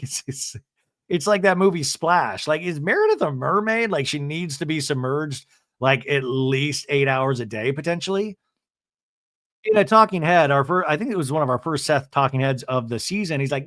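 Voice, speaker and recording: Animated joking male podcast host. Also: on the high side, dry recording, studio quality. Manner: animated, joking, lots of "like" and mimicry. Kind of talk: comedic TV recap.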